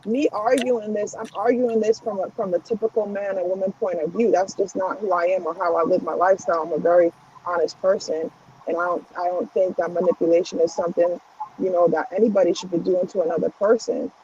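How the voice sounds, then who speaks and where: A woman's voice: fairly low pitch, steady tone, fast talker, dark tone. A woman truck driver calling in from the road, tired from little sleep, giving blunt, long-winded opinions in casual chat. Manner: blunt, opinionated, talks in long run-on stretches. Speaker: caller. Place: in a truck, driving through mountains. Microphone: phone call from the road. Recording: muffled call line with faint hiss.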